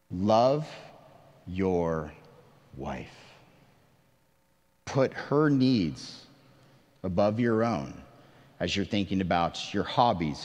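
A man preaching a sermon as pastor, earnest and conversational, with self-deprecating asides and emphatic questions to the congregation. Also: low voice. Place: church sanctuary. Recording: long reverb of a large hall.

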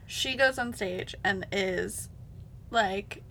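Bright-voiced woman chiming in. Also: mid-range voice, very slow, gravelly. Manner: chimes in with plot details. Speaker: podcast co-host. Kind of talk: casual chat.

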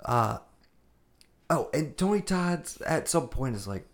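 A man co-hosting a podcast, chatting casually about an old action movie, animated and profane, acting out lines from the film. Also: a little high, measured pace. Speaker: podcast co-host. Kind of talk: casual movie review chat.

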